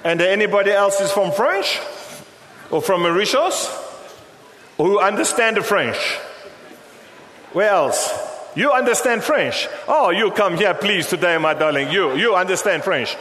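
A high, bright male preacher jokes and teases his congregation, calling people up to take part. His voice rings with long church reverb over a faint hum of the room. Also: lively intonation, unhurried. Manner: teasing, jokey, coaxes people from the crowd. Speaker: pastor. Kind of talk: playful sermon with congregation participation.

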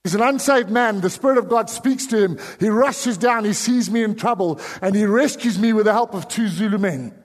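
A South African man preaching in a high, bright voice, his sermon moving between near-whispered pleading and loud outbursts. His words carry a long reverb, as if he stands in a large church hall. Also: brisk, hardly any pauses. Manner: swings from hushed pleading to sudden loud cries. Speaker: pastor.

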